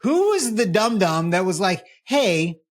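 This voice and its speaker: Host, mid-range voice, casual tech chat, animated and wisecracking. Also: medium pitch, normal speed. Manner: animated, joking, exasperated asides. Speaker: podcast host.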